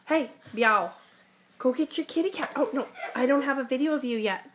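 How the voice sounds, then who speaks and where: A woman's voice: high-pitched, quick pace. A young woman filming her toddler at home on a phone camera, coaxing and playful in sing-song baby talk. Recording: home phone video with steady background noise.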